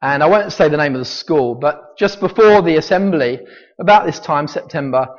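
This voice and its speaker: A man in his forties from Britain preaching a sermon, emphatic, with rhetorical questions and dramatic pauses. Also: a little high, animated. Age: 40s. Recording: dull sound with long hall reverb.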